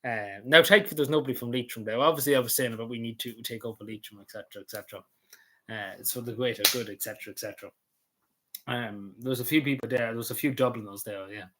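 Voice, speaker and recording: A man with a Cavan Irish accent narrates his travel photos in a loose, rambling vlog. His voice is hoarse and sits at an ordinary middle pitch. He circles back on his points and drops in the odd swear word. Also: fast talker, pushed and bright, slight background noise. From Ireland. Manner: rambling, repetitive, swears casually. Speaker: vlogger.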